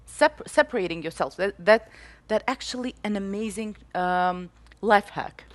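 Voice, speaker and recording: A woman's voice: mid-range voice, moderate pace, dry recording. Woman host, encouraging, dry close mic. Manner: encouraging, frequent agreement. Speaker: talk show host. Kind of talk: interview.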